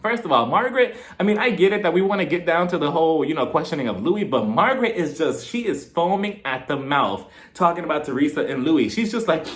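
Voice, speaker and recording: A man giving a casual, sassy review of a reality show, animated and laughing often. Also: fairly high pitch, fast talker, few pauses. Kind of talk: casual vlog commentary.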